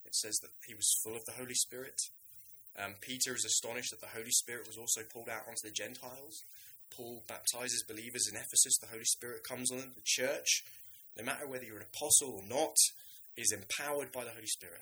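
Bright-voiced animated male preacher. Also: medium pitch, quick pace, slight background noise, poor audio. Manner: animated, conversational, acts out biblical voices. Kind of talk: sermon.

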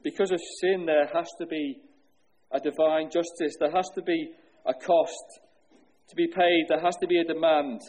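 Husky man preaching an earnest sermon. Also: steady tone, darkish tone. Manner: earnest, rhetorical questions, drops low and slow on solemn words. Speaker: pastor.

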